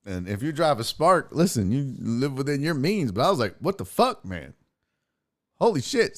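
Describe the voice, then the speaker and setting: A man hosting a podcast, telling rambling road-trip stories in casual, profane talk. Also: a little high. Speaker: podcast host. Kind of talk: casual storytelling monologue.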